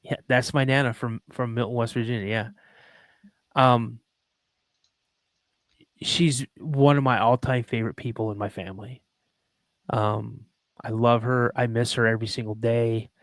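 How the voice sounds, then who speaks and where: A man's voice: medium pitch, steady tone, a little slow, long pauses, dry recording. A man hosting a podcast, earnestly telling a personal story and acting out the dialogue, with frequent ums. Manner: earnest and emotional, reenacts dialogue, many ums. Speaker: podcast host.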